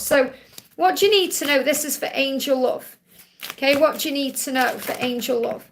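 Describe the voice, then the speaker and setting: A woman with a Stoke-on-Trent accent, hosting a live question-and-answer stream, reading cards in a gentle, reassuring way and repeating key phrases. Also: sits high, moderate pace. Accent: Stoke-on-Trent English. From England. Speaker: card reader answering viewer questions.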